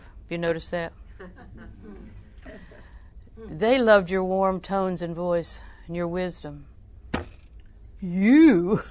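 A woman with a low, gravelly voice preaches a sermon, telling a story and quoting scripture while asking her listeners questions.

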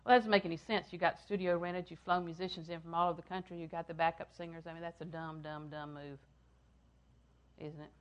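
An older woman preaching a sermon, repeating phrases for emphasis and swinging from loud, emphatic lines down to hushed ones. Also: fairly low pitch, steady tone, fast talker.

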